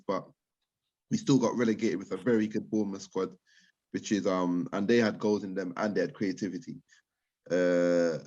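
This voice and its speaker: A man chatting casually about football, often repeating words as he thinks out loud. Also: lowish voice, dull audio. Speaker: co-host of a football chat show.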